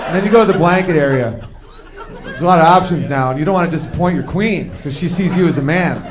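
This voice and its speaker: A man performing a stand-up comedy set, animated and acting out the people he quotes. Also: fairly high pitch, quick pace, background noise. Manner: animated, acts out quoted voices. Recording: live show with crowd. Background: audience laughter.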